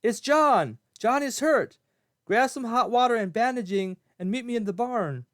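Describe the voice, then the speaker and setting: A man voicing a frantic young male rancher who shouts urgently for help. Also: very high-pitched, moderate pace, no echo, clean studio sound, pitched above the performer's own voice.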